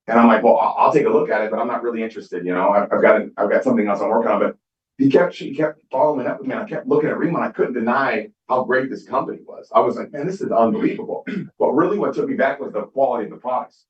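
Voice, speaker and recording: A man's voice: mid-range voice, racing. A middle-aged man giving a motivational business talk on stage, telling stories and acting out quoted dialogue. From Southern California. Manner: storytelling, acts out quoted dialogue. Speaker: skincare business speaker. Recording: distant, echoey, dull hall recording.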